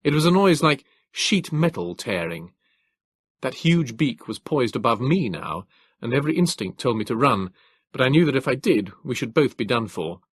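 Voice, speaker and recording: A man narrating an audiobook in a measured, formal storytelling voice, recorded close on a studio mic. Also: medium pitch, sing-song, husky, no room sound.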